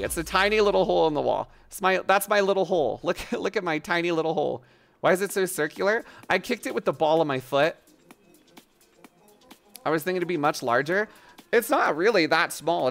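A woman livestreamer with a fairly low, fairly bright voice chats casually and playfully, thanking viewers, making crude jokes and laughing often.

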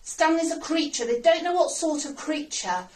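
A woman's voice: high-pitched, expressive, darkish tone, slight background noise. Lady teacher, sounds out words bit by bit, mic a little far off. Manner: slow, sounds out words letter by letter. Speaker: primary school teacher. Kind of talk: recorded writing lesson. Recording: roomy sound, mic at a distance.

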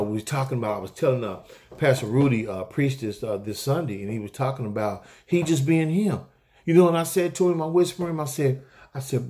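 A middle-aged man with a medium-pitched, slightly mellow voice hosts a weekly inspirational talk. He preaches to viewers in an exhorting, repetitive style, calling out amens.

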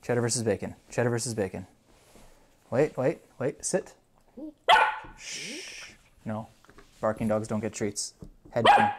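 Background noise sits under this casual vlog, where an upbeat dog owner and host narrates a puppy's treat test. Mid-pitched and everyday, the voice moves from brisk orders for the dog to chatty commentary.

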